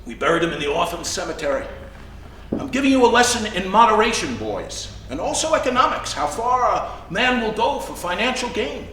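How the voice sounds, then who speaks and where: A man's voice: high voice, sing-song, fairly quick, fairly bright tone, heavily acted. An actor playing a worldly, fatherly middle-aged male Chicago gangster in a live stage play, lecturing and telling stories in a wry tone. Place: theater stage. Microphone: distant room mic. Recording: roomy stage, distant mic, faint hiss.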